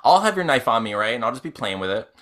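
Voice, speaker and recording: A man voicing a cheerful, smooth-talking young adventurer who is eager and self-assured. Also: mid-range voice, sing-song, quick pace, a bit bright, voice pushed down.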